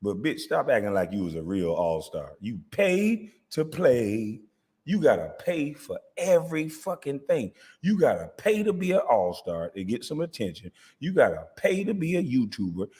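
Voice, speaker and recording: A man's voice: mid-range voice, sing-song, moderate pace, darkish tone, big-room sound. A man hosting his own channel, delivering a profane, taunting rant full of rhetorical questions. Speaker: host.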